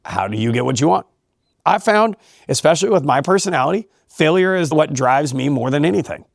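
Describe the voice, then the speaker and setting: A man who coaches high school wrestling, talking in a relaxed interview in an emphatic, motivational way and laughing often. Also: a little fast, vocal fry, dry recording, clean studio sound. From California. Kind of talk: casual interview talk.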